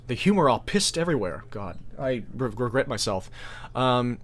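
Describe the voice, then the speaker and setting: A man's voice: medium pitch, expressive, normal speed. Rambling Brazilian-born male streamer. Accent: American-sounding English. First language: Portuguese. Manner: rambling, self-correcting, with frequent restarts. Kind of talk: casual livestream chat, reading chat aloud.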